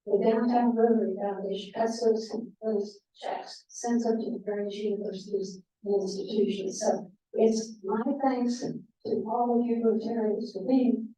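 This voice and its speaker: A woman's voice: on the high side, fairly even intonation, measured pace, mellow. An American woman telling stories to a club meeting in a chatty, rambling way with many fillers. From United States. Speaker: guest speaker. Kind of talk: anecdotal talk to a club. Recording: echoey room, voice from far off.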